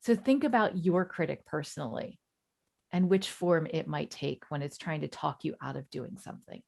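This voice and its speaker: A woman in her forties, a coach giving a webinar talk in a warm, reassuring, conversational way. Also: deep voice, moderate pace, creaky. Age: 40s.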